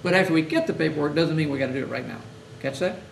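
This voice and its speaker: A man's voice: a little high, racing, vocal fry. A man teaching hospital chaplains in a conversational lecture, often acting out exchanges with grieving families. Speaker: chaplain instructor. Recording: echoey room, mic far off, faint hiss.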